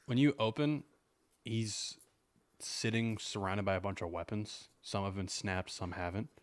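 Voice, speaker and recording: A man describing his character at a tabletop game, relaxed and hesitant with many fillers. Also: on the low side, measured pace, no echo. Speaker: player.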